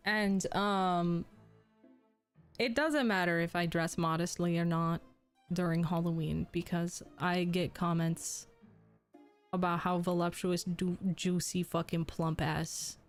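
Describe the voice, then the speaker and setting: A young adult woman streamer telling crude jokes and stories in casual chat. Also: fairly low pitch. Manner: crude, joking storytelling, laughs often.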